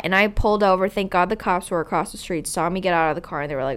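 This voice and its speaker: A woman's voice: on the low side, fast, hardly any pauses, fairly bright tone, clean tone. A woman hosting a podcast, telling stories in casual chat and acting out other people's lines bluntly. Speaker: podcast host.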